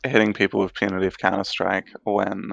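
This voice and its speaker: A man's voice: sits low, flat delivery, moderate pace, creaky, fairly bright tone, no room sound, dull audio. A man on a podcast as a guest, talking casually and reflectively with a few restarts. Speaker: podcast guest, card designer. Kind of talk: casual chat.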